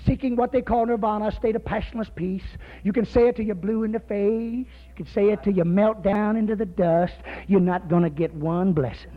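High-pitched fiery preacher, a man. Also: brisk, hardly any pauses. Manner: fervent, folksy, shouting at times. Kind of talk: fiery sermon. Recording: slightly muffled recording.

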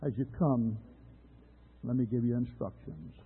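A man's voice: mid-range voice, unhurried, slightly rough. A man preaching an earnest, emphatic sermon to his congregation. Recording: tinny phone-like sound with faint music.

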